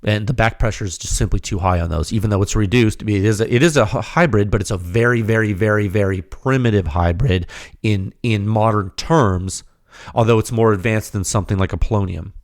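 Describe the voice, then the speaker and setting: Slightly hoarse and losing his voice, a man speaks a little fast in a lowish register as he hosts his podcast. The firearms silencer researcher talks straight to listeners in an emphatic, rhetorical, unscripted technical monologue.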